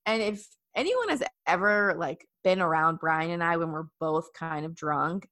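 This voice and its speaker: A young woman in her twenties telling a story in casual chat, animated and full of fillers. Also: lowish voice, moderate pace.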